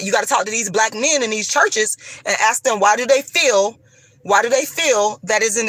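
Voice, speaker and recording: Woman, interview guest, blunt, repetitive, swears, sharp bright tone, dry close sound. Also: on the high side, no room sound. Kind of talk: emphatic personal storytelling.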